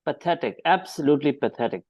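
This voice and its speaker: A man's voice: a little high, lively intonation, fast, a little mellow, no room sound, highs cut off. A man giving blunt, indignant cricket commentary in a podcast discussion. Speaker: cricket pundit.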